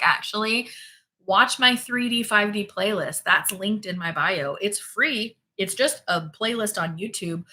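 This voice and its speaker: A woman's voice: mid-range voice, pushed and bright. A woman hosting a spirituality livestream, chatting casually and reading out viewer comments, emphatic and prone to repeating herself.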